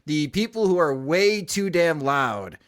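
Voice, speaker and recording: A man's voice: on the high side, sing-song, measured pace. A man co-hosting a podcast, asking a guest questions in a casual, friendly chat. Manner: friendly questions, laughs along. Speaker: podcast co-host.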